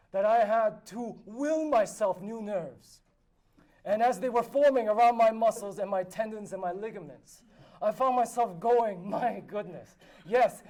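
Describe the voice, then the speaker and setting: A man doing a boastful high-voiced noble. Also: darkish tone. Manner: grandiose, theatrical storytelling. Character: boastful male noble spinning absurd tall tales. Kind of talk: improvised tall-tale role-play. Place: live convention panel room.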